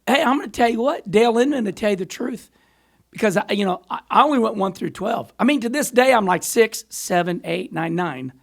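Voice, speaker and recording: Middle-aged male guest, high gravelly voice, animated storyteller. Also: a little fast. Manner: animated, rambling storyteller who laughs often. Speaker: podcast guest, former racer. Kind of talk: storytelling in casual chat.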